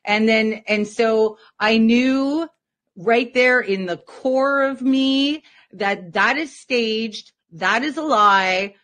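A woman recounts a story as an interview guest, her voice sitting a little high. She rambles casually, looping back on herself with steady fillers. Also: takes it slowly.

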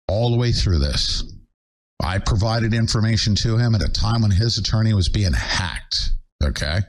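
An older man hosting his own show, ranting in a fired-up way with sudden high, loud bursts. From United States. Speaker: show host. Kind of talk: angry political livestream rant.

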